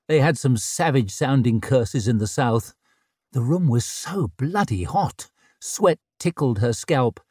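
Male audiobook narrator, animated delivery, dry studio sound. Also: mid-range voice, no room sound. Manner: expressive storytelling. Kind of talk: scripted narration.

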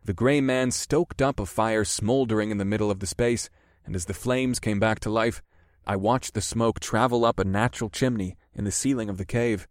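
A man narrating a first-person fantasy audiobook in a steady, measured way. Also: lowish voice, dry recording, clean studio sound.

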